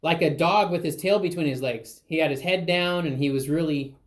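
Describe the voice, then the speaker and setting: A woman's voice: deep voice, brisk. Woman interviewer telling a story. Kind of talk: conversational storytelling.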